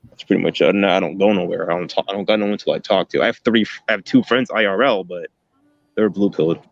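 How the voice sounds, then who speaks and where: A young man chatting bluntly on a call, full of slang and stray fillers. His voice sits a bit low. The audio is dull and lo-fi and very dry, with no room sound. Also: quick pace, vocal fry, no room sound. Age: young adult. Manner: slangy, blunt, mumbly filler-heavy talk. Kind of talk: casual chat.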